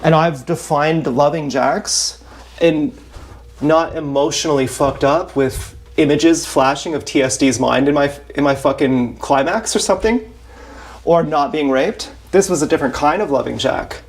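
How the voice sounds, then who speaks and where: A man's voice: a little high, moderate pace. A man livestreaming a rambling confessional monologue in a blunt, repetitive, self-questioning way, recorded on an action camera mic.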